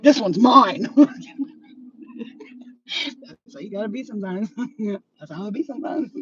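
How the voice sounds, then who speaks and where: A man's voice: sits high, expressive, normal speed, sharp tone, distant mic, lo-fi sound, slight background noise. A man chatting casually to camera in a vlog, flamboyant and bawdy, breaking into laughter often. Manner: giggly, bawdy, flamboyant storytelling. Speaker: vlogger.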